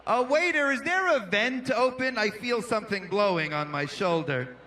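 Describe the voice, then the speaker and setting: A man doing stand-up on an arena stage, his voice pitched high and bright with a sharp edge. He lands jokes with a punchy rhythm and works the crowd between bits, speaking into a handheld mic. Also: animated, moderate pace, slight background noise. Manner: punchy, playful, riffs with the crowd. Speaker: comedian and emcee. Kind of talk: stand-up comedy set. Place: large indoor arena stage.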